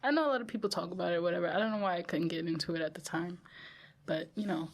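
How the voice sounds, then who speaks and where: A young woman with a slightly low voice co-hosts a casual podcast. She's easygoing and adds short asides, often chuckling along. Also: racing. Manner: laid-back, chuckling asides. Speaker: podcast co-host.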